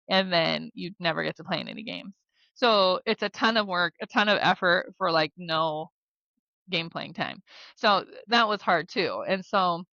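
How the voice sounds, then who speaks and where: A bright, forward-voiced woman in her thirties with a Midwestern American accent tells stories in a relaxed podcast interview. She talks in loose, rambling sentences full of "like" and "you know" and laughs often. The recording is dry and a little muffled. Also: lowish voice, gravelly, dry recording. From South Dakota, USA. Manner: chatty, lots of "like" and "you know", laughs easily. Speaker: podcast guest, former basketball player and therapist. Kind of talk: casual interview storytelling. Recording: slightly dull dry podcast audio.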